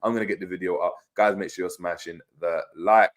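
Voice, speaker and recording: Excitable lower-voiced male stream host. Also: brisk. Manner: excitable, laughing, reads viewer comments aloud; slangy banter with many fillers. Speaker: host of a fan live stream. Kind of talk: casual live-stream chat.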